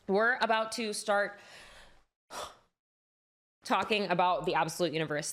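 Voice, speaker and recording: A woman's voice: lowish voice, fairly bright tone. Enthusiastic, chatty woman streamer. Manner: enthusiastic, chatty, swears freely. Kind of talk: casual chat about comics.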